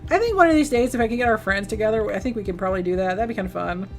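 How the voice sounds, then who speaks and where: A woman's voice: mid-range voice, very fast, soft background music. A woman streaming a game and chatting casually, rambling with restarts and acting out quoted lines. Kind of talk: casual live-stream chat while gaming.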